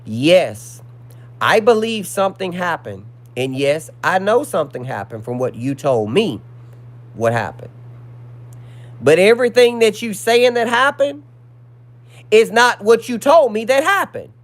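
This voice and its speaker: A man's voice: sits high, sing-song, a little slow. A man hosting a livestream, indignantly reading out messages to his viewers in casual chat. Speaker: livestream host.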